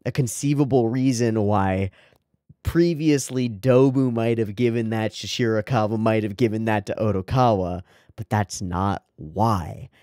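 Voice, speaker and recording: A man with a somewhat low voice talks through an anime scene in casual commentary. He rambles enthusiastically, tossing in "like" and "right?" constantly. The sound is dry and close, with no room echo. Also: measured pace, mellow. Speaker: anime reaction host.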